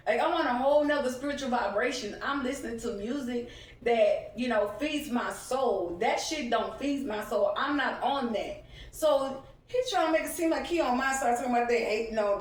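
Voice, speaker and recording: A woman's voice: fairly high pitch, darkish tone, very echoey, far from the mic, poor audio. A young woman vlogging outdoors while walking along a street, telling a profane, heated story on her phone. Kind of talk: casual ranting vlog.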